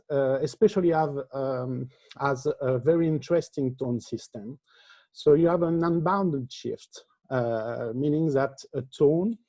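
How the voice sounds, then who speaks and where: A man giving an academic conference talk as a linguistics lecturer, explaining step by step in a halting way, with frequent pauses. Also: mid-range voice, mellow, no room sound.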